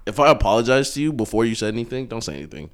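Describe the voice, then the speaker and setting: A man's voice: mid-range voice, sing-song, rapid-fire. A young man co-hosting a casual podcast chat, laid-back and laughing often. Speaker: podcast co-host.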